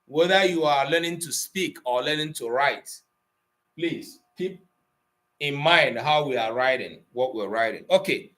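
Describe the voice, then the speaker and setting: A man's voice: mid-range voice, animated, unhurried, a bit bright. A man teaching an online language class, patiently explaining grammar and moving between Igbo and English.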